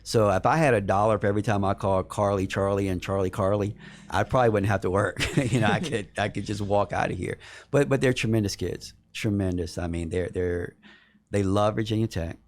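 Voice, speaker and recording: A man's voice: fairly low pitch, fairly quick. A middle-aged man, a head basketball coach, answering podcast questions in an earnest way and often repeating words as he builds a point. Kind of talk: podcast interview.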